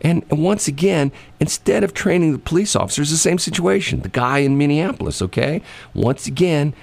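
With a fairly high, gravelly yet slightly mellow voice and a brisk pace, a man hosts a casual talk show of casual chat. He rambles, fills his speech with "you know" and "I mean," and performs quoted voices as he tells stories.

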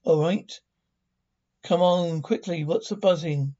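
Husky man stumbling through a read-along. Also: a little high, takes it slowly, long pauses, mellow. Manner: stumbling over words, reading sound cues aloud. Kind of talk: amateur read-along of a TV episode. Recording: dull lo-fi recording.

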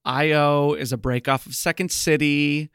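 A man co-hosting a comedy podcast, talking in a loose, joking, rambling way. His voice sits a little high and sounds smooth and clear. The close mic keeps it dry, with no room sound. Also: fairly even intonation, normal speed, a bit bright, dry recording. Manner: chatty, jokey, rambling. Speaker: podcast co-host. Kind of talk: casual chat.

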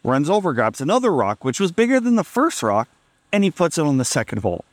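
A man's voice: fairly high pitch, sing-song, fast talker, dry recording. A man casually telling a funny story on a podcast, amused and laid-back, acting out what people said.

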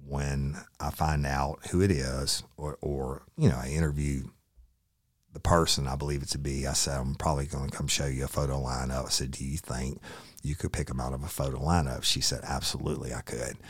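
A man's voice: extremely low pitch, no echo, studio quality. A man, a former sheriff's investigator, casually recounting an old case and acting out the dialogue, with frequent swearing. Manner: casual, profane, quotes people in dialogue.

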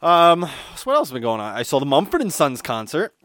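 A man's voice: a little high, huge pitch swings, a little fast, fairly bright tone, dry recording, clean studio sound. A man co-hosting a podcast, telling a rambling story in casual chat, swearing often and filling with "like". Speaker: podcast co-host.

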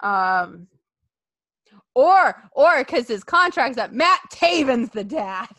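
A woman co-hosting a casual podcast, slow and unhurried but swinging her pitch widely as she jokes and acts out quotes. Her voice sits a little high. The recording is dry and close. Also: dry recording. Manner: animated, laughing often, acting out quotes. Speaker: podcast co-host. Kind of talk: casual wrestling podcast chat.

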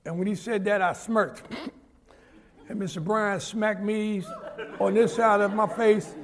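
A man's voice: sits high, a little slow, slight background noise. A man, telling stories in an interview and acting out the people he quotes. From New York. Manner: animated storyteller who acts out the people he quotes. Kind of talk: storytelling interview.

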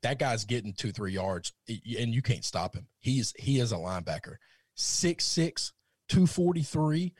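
A man's voice: mid-range voice, normal speed, breathy edge, no room sound, clean studio sound. A man co-hosting a casual sports talk show, telling stories with animation and acting out quotes. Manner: animated storyteller, acts out quotes. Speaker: podcast co-host.

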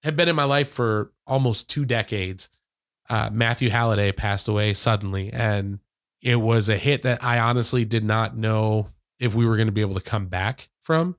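Low-voiced man, fillers and restarts. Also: moderate pace, no room sound, clean studio sound. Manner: heartfelt, rambling with many fillers and restarts. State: close to tears. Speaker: podcast co-host and editor. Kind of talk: casual podcast conversation. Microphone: headphones and studio microphone.

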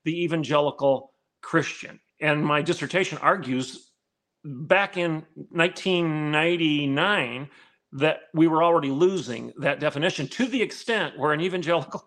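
A man's voice: on the high side, normal speed, fairly bright tone. A man, a former college dean, telling a story in a podcast interview and building to pointed rhetorical questions.

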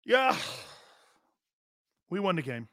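A cocky young quarterback who shrugs everything off with low, mumbled curses, as a man puts him on. The voice sits high and draws out its words lazily. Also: sing-song, slow, pushed and bright, no echo, exaggerated voice. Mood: dismissive. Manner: swaggering, profane, mumbled.

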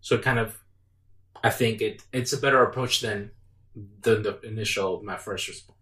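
A man with a fairly low voice who talks slowly and carefully, pausing to pick his words. He sounds a little far from the mic, in an echoey room. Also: bright, forceful tone. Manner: slow, measured, hesitant. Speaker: podcast co-host. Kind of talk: casual chat.

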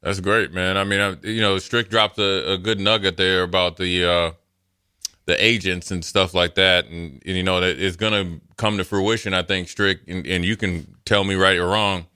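A man's voice: sits low, steady tone, moderate pace, pushed and bright, clean tone, no echo, studio quality. A man co-hosting a casual sports talk show, explaining his view in a confident, chatty way. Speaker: co-host.

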